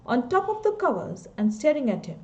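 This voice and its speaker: A woman's voice: sits high, big pitch swings, brisk, warm tone, lo-fi sound. A woman teacher with an Indian English accent, reading a story aloud and stopping to explain its words.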